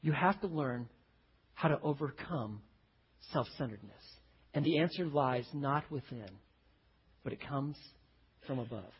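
A man's voice: mid-range voice, measured pace, pauses often, slightly rough, long reverb tail, muffled recording. A man preaching a sermon, telling stories and acting out the voices of the people in them. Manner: animated storytelling, acts out quoted voices. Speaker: pastor.

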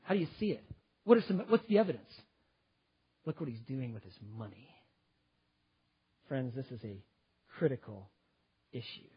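A man preaching a sermon, moving from loud, emphatic lines down to quiet, intense ones. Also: mid-range voice, sing-song, moderate pace, pauses often, slightly rough, muffled recording. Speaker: pastor.

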